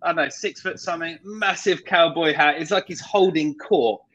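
A man, a podcast guest, recalling a story in an easygoing, measured way. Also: a little high, fairly bright tone. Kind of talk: casual storytelling chat.

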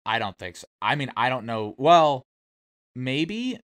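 A man's voice: medium pitch, very animated, measured pace, fairly bright tone. A young man in casual chat as a podcast co-host, laid-back and joking.

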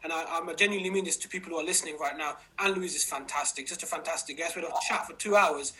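A man's voice: on the high side, very fast. A man with a Cambridgeshire accent hosting a podcast, agreeing often and playing up his confusion. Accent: Cambridgeshire English. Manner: warmly agreeing, playful mock confusion. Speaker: podcast host. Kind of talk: casual chat.

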